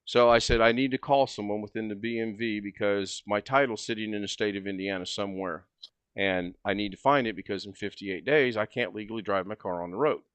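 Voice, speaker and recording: A man hosting a livestream, telling a long story in a casual, animated way and acting out both sides of the conversation. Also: fairly low pitch, a little fast, clear, resonant tone, no echo. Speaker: livestream host.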